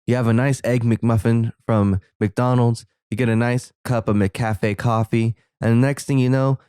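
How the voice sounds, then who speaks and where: A man from the Southern United States hosting a solo movie commentary podcast, reacting excitably with sudden high exclamations. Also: smooth, no room sound, studio quality. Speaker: podcast host.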